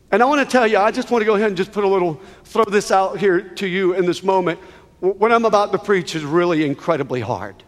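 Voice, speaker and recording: Middle-aged male preacher, high voice, fervent sermon delivery with repetition, echoing hall. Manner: impassioned, with dramatic pauses and repetition. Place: church hall with an audience. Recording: reverberant hall.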